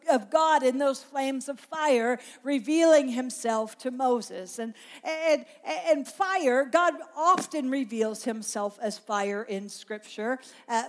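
A woman preaching a sermon, impassioned and emphatic, building through repeated phrases. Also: high voice.

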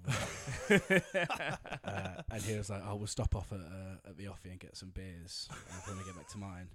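Low-voiced man, casual rambling raconteur. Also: normal speed, fairly bright tone. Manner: rambling, laughing, lots of fillers. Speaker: storyteller guest. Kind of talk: casual anecdote.

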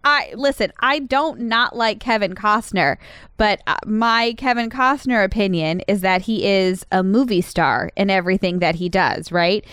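A woman co-hosting a casual film podcast, animated and quick to laugh, with fast asides. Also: mid-range voice, clean tone, dry recording, clean studio sound. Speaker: podcast co-host. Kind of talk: casual chat about films.

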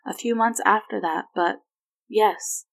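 A woman voicing a tired, tender adult mother who speaks softly and gently. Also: mid-range voice, slow pace, gravelly, pitched above the performer's own voice. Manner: soft and gentle.

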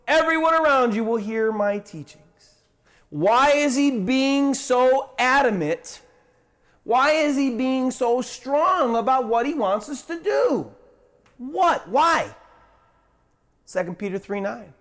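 A male pastor with a high-pitched voice preaches a sermon with fervent emphasis, repeating key phrases and throwing rhetorical questions at his listeners. His intonation is lively and his pace measured. His impassioned delivery swells loudly on declarations and drops sharply to near-murmurs at the ends of lines.

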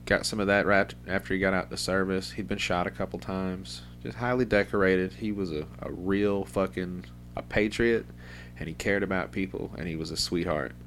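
A man's voice: sits low, steady tone, normal speed, fairly bright tone, slight background noise. A middle-aged man hosting a podcast, rambling in a loose, profane, casual way. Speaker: podcast host.

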